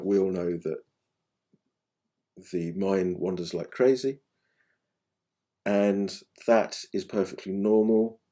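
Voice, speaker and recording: Low, mellow-voiced man teaching meditation. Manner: gentle, unhurried, phrases trailing off softly. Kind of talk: guided meditation instruction.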